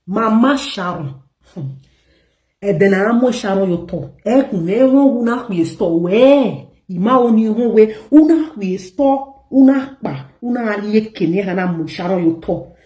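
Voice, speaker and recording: A woman's voice: medium pitch, mellow. Nigerian lady telling gossip to her followers, fired up and scolding, echoey room. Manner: emphatic and indignant, addressing viewers directly. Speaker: gossip vlogger. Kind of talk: casual storytelling to viewers.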